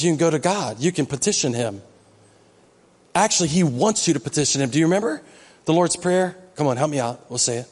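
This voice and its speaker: A man's voice: a little high, lively intonation, fairly quick, darkish tone, long reverb tail. A man preaching a sermon as pastor, with a conversational, joking manner that rises into emphatic exhortation. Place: church sanctuary.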